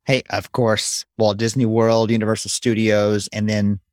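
A man's voice: on the low side, level tone, a little slow, darkish tone, dry recording. A man co-hosting a casual chat with dry, sarcastic humor. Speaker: co-host.

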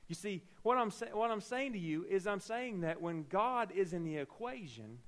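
A man's voice: a little high, rough recording. A man preaching a sermon, telling a personal story with humorous asides and acting out the dialogue.

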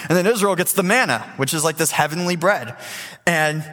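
An eighteen-year-old man giving a casual, animated sermon as a youth preacher, acting out voices as he tells the story. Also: fairly high pitch, fairly quick. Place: church sanctuary. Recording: reverberant church hall.

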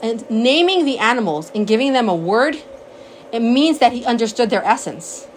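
A woman teaching a class on a sacred text, explaining terms and telling stories with lively acted-out quotes. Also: on the high side, normal speed, a little hiss or hum, rough recording. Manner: animated storyteller, acts out quotes. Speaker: Torah teacher.

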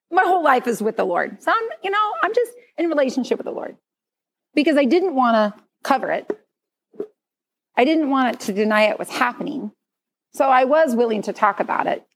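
A woman preaching in a frank, conversational way, her voice slightly high. She sounds middle-aged and speaks like a church speaker telling her own story to a congregation. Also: expressive, a little fast. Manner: candid, confessional, conversational. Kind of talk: sermon testimony.

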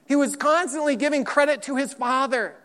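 A man preaching a sermon as pastor, emphatic and lively, repeating points and acting out quotes. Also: very high-pitched, fairly quick. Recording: long hall reverb.

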